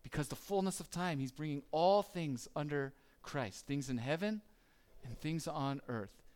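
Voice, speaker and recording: A man's voice: fairly high pitch, measured pace, darkish tone. A man preaching a conversational sermon, asking the listeners questions and acting out their worries. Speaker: pastor.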